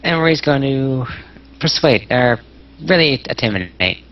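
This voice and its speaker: A man's voice: medium pitch, lively intonation, a little slow. A man playing a tabletop game, casually describing his character's actions, on a muffled recording. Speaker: player. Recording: lo-fi voice chat with faint noise.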